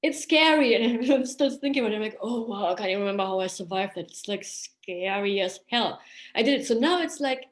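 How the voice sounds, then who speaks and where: A woman's voice: medium pitch, fairly quick, echoey room. A woman therapist from Germany, talking earnestly and animatedly in a casual podcast conversation.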